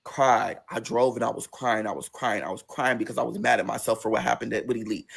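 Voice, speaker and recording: A man telling a personal story in a casual, profane way, his pitch swinging between low, quiet stretches and high, excited bursts. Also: quick pace, creaky, husky. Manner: acts out quoted voices in a high register.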